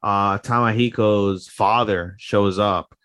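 A man's voice: fairly low pitch, steady tone, slow pace, a bit bright, smooth, no echo. A man co-hosting a podcast, rambling through a casual recap with lots of fillers and casual swearing. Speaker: podcast co-host.

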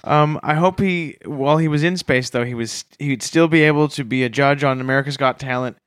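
A man's voice: medium pitch, fairly quick, a bit bright, clean tone, no echo, studio quality. A Canadian man co-hosting a comedy podcast, chatty and steering the conversation with prompts. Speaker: podcast co-host. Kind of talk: casual comedic chat.

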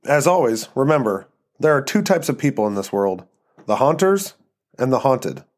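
A man reading a story aloud as narrator and host of his podcast, in an even, measured way. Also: medium pitch. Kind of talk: scripted narration.

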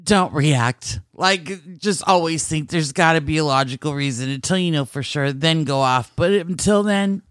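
A woman's voice: low-pitched, normal speed, few pauses, no room sound, clean studio sound. A woman co-hosting a podcast, telling a story in casual chat, laughing often and acting out the lines she quotes. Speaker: podcast co-host.

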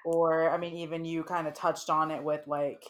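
A woman's voice: deep voice, little pitch movement, normal speed. A woman co-hosting a podcast, talking in a thoughtful, reflective way. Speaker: podcast co-host. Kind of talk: casual conversation.

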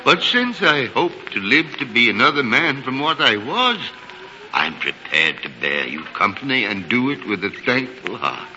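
A frightened old miser, Scrooge. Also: male voice, medium pitch, big pitch swings, moderate pace, bright, forceful tone. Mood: fearful. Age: older. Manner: anguished, broken, begging. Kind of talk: 1940s radio acting. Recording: dull, hissy 1949 radio broadcast.

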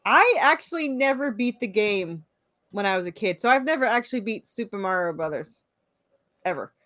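A woman's voice: mid-range voice, lively intonation, normal speed, fairly bright tone, no room sound. A middle-aged woman co-hosting a podcast, chatting casually, laughing often and trailing off with fillers. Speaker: podcast co-host. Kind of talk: casual chat.

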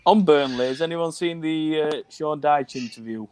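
A man on a football podcast, dropping dry, halting jokes. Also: a little high, a little mellow. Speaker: podcast co-host. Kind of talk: casual football podcast chat.

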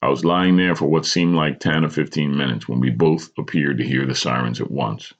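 A man's voice: a bass voice, brisk. A man hosting a podcast, reading a personal story aloud with dramatic storytelling and small stumbles, on a dull lo-fi recording. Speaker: podcast host.

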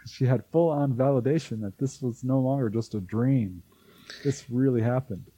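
A man's voice: medium pitch, normal speed, husky, no room sound, rough recording. A man, an author and researcher, telling a long story in an interview and acting out the voices of the people in it. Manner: animated storyteller who acts out quoted voices. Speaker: author and UFO researcher, guest.

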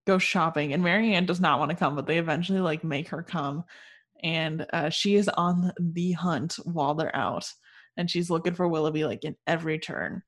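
A woman's voice: low-pitched, normal speed. A woman chatting casually as she retells a novel's plot, with lots of "like". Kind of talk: casual book-recap chat.

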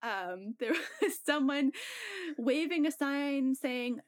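Young woman, casual storytelling, animated, laughing, quoting voices. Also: sits high, slow.

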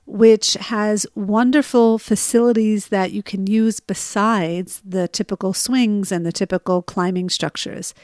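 A woman's voice: mid-range voice, darkish tone, dry recording, studio quality. A middle-aged woman telling a personal story in a conversational way, often asking listeners "right?" and laughing at herself. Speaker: storyteller sharing personal stories.

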